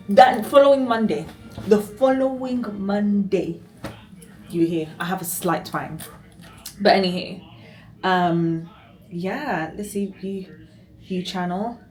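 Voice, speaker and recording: A woman's voice: medium pitch, lively intonation, takes it slowly, long pauses, darkish tone, soft background music, poor audio. A woman chatting casually to her vlog camera, rambling through asides and laughing easily. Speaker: vlogger.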